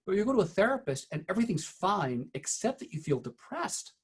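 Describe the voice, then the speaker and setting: A middle-aged man giving a teacher-training talk, telling true stories from his classroom in an earnest, halting way with frequent restarts. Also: high-pitched, sing-song, slightly rough. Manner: earnest storytelling, frequent "uh" and restarts, quiet when recounting.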